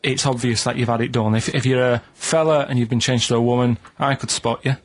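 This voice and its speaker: Deadpan man telling a plain anecdote. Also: mid-range voice, fast talker. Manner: deadpan, matter-of-fact, keeps saying "right?". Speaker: radio show regular. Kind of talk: storytelling in radio comedy chat.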